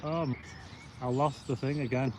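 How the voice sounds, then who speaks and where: A man hosts a live walking vlog through a city park, talking loosely and warmly to his viewers. His voice sits mid-range for a man, and a faint outdoor hiss with birds runs underneath. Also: medium pitch, fairly even intonation, measured pace. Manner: chatty and rambling, greets viewers and reads out chat. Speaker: livestream host. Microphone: plug-in mic on a phone with a stabilizer.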